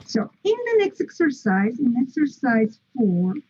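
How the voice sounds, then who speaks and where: A woman leads an online English grammar lesson, walking through each point patiently and checking in with "okay" and "mm-hmm". Her voice sits a little high but sounds husky and mellow, and she speaks slowly. The stream audio is muffled and lo-fi. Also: sing-song. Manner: patient, explains step by step with frequent "mm-hmm" and "okay". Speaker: English teacher.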